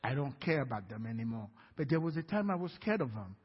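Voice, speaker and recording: A man preaching a sermon in a church, telling a personal story and swinging from quiet to loud. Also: mid-range voice, sing-song, fast, breathy edge. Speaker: guest preacher. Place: church sanctuary. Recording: dull, reverberant church hall.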